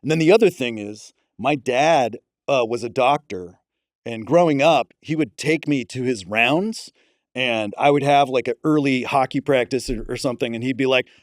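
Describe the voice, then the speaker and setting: A man's voice: mid-range voice, moderate pace, dry recording, studio quality. A man from Pittsburgh, a comedian guest, chatting casually on a podcast and telling stories with quoted voices. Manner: storytelling, acts out quoted people.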